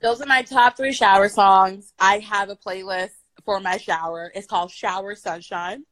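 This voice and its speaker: A woman's voice: mid-range voice, fairly even intonation, normal speed, background noise. A woman telling a brash, profane story on a live video stream, laughing and breaking into song. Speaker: guest storyteller. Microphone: phone on a live video stream.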